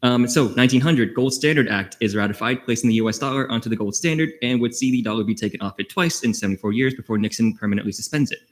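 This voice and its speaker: A man's voice: mid-range voice, fast talker, hardly any pauses. A young man giving a chatty, joking committee report at a student government meeting, with quips and trivia asides. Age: young adult.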